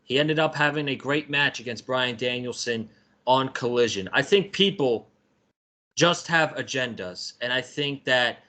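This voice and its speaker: An American man co-hosting a casual wrestling podcast, giving measured opinions. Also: mid-range voice, bright, forceful tone. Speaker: podcast co-host.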